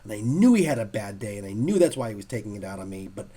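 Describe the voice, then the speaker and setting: A man telling stories in a casual podcast chat, lively and acting out the people he quotes. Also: on the low side, quick pace, slightly rough. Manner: lively storyteller, acts out quotes. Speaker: guest artist telling convention stories.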